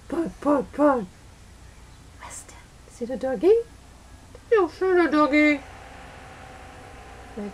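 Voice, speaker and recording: High cooing woman talking to her dog. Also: animated, slow pace, long pauses, rough recording. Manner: sing-song, cooing, exclamatory. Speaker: pet owner. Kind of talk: baby talk to a dog. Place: home. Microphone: laptop built-in webcam mic.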